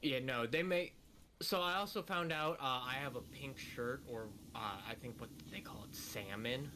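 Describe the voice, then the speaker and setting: A man's voice: medium pitch, moderate pace, pushed and bright. Wry young man, noisy mic. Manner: wry storyteller, joking complaints. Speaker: co-player, friend of host. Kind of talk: casual chat while playing. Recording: audible background noise.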